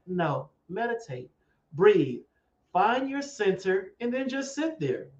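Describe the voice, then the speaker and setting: A man's voice: high voice, darkish tone. A man hosting a live online talk show, preaching and joking with viewers by name. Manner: preachy and playful, talks to chat viewers by name. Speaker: host. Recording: echoey, dull lo-fi stream audio.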